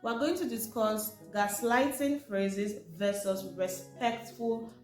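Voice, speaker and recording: A woman's voice: a little high, slow pace, a little mellow. Woman teaching in an echoey room. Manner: chatty, asks rhetorical questions. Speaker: presenter. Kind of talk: informal teaching monologue. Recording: echoey room with faint music.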